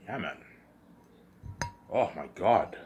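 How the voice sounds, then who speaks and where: A man's voice: low-pitched, lively intonation, takes it slowly, highs cut off, background noise. A man delivering an agitated, repetitive, accusing rant straight to camera. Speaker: vlogger. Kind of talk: ranting monologue to camera.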